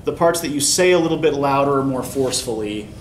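A college English instructor lectures his poetry class in a medium-pitched voice at a quick pace. He explains things and habitually checks in with students by asking "right?". The recording is echoey and distant, as if captured from far off in a classroom, with faint noise.

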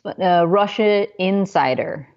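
A woman with a fairly low voice talks through the news in a chatty, sarcastic way and keeps dropping dry asides. The podcast audio is dull and lo-fi, missing some sparkle. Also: measured pace, darkish tone. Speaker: podcast co-host. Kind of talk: casual political chat.

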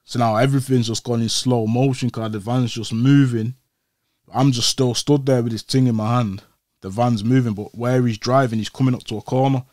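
A man's voice: medium pitch, a little fast, no echo, studio quality. Man telling a story in street slang. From Old Trafford, Manchester, England. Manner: street slang, animated retelling. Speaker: interview guest. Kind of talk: casual storytelling.

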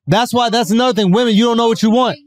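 A man's voice: extremely high pitch, racing, no room sound, clean studio sound. A man co-hosting a comedy podcast, teasing brashly with plenty of swearing. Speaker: podcast co-host. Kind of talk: casual comedic banter.

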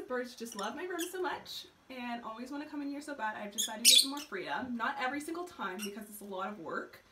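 A woman's voice: a little high, expressive, fast talker, hardly any pauses, reverberant, very noisy. A young woman casually chatting in a home vlog, switching into sing-song baby talk with her pet birds. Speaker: vlogger. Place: at home indoors.

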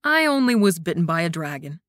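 A woman's voice: on the low side, big pitch swings, fairly quick, a bit bright, dry recording, clean studio sound, voice pushed down. A woman voicing a playful, injured young male warrior who mumbles lazily and hams up his pain. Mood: teasing. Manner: lazy, mumbling, mock-dramatic.

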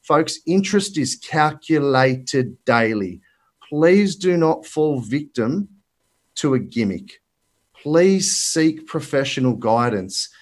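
Through a presenter mic at a live virtual summit, an Australian finance broker talks slowly yet animatedly in a fairly high voice. The energetic delivery is blunt and emphatic, peppered with colloquial asides, and he sounds slightly out of breath.

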